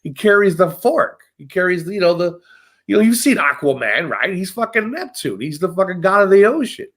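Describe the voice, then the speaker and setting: A man tells old myths in loose, rambling talk, with swearing in nearly every line. His voice sits fairly high and swings widely in pitch. He keeps doubling back to correct himself. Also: a little fast. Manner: profane, rambling, animated. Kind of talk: casual storytelling chat.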